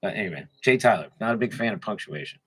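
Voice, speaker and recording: Bright-voiced man joking crudely. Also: fairly low pitch, expressive, fast, husky. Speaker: podcast co-host. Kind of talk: casual comedic chat.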